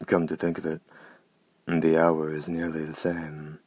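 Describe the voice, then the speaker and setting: A man voicing a soft-spoken, menacing, courtly male night stalker in an audiobook. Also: rumbling low, completely flat delivery, unhurried, dry recording. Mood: moved, exultant. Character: gloomy, gorgeous-voiced male night stalker. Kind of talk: audiobook character reading.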